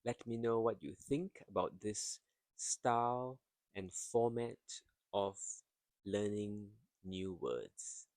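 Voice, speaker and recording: A man teaching English vocabulary, drawing out each word slowly and carefully to show its rhythm and stress. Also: fairly low pitch, lively intonation, a little mellow, no echo. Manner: slow, careful, drawn-out pronunciation drills. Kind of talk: vocabulary lesson.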